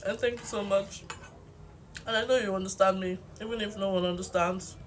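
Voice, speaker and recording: A woman's voice: mid-range voice, steady tone, fairly quick, slight background noise. Woman in her twenties venting rambly. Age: 20s. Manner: rambling, confessional, sometimes childlike. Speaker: vlogger. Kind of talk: casual venting monologue to camera while eating.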